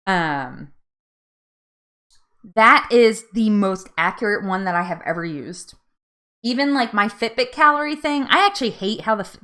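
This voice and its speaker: A woman's voice: medium pitch, bright, forceful tone. A woman in her thirties hosting a casual live chat, chatty, laughing often and tripping over words. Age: 30s. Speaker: host.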